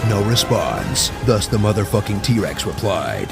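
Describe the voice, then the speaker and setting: A man with a deep, gravelly trailer voice, narrating in grand mock-epic style. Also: expressive, moderate pace. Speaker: guest narrator. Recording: loud music under voice.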